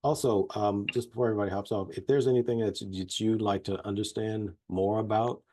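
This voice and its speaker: Deep mellow louisiana guy, kinda husky, chatty psychologist on a video call. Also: steady tone, quick pace. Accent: Louisiana Southern. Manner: folksy, chatty, self-deprecating humor. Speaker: psychologist and trainer. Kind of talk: casual webinar lecture.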